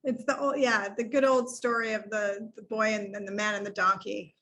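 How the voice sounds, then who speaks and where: A woman guest on a casual podcast, telling stories in an animated way and laughing often. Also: medium pitch, normal speed, noisy background. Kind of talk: casual chat between friends.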